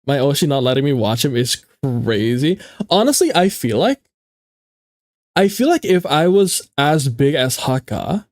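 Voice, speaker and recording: A man's voice: medium pitch, darkish tone, no echo, studio quality. A young man streaming casually, chatting playfully with his viewers and often repeating himself, with a stuffy nose. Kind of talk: casual livestream chat with viewers.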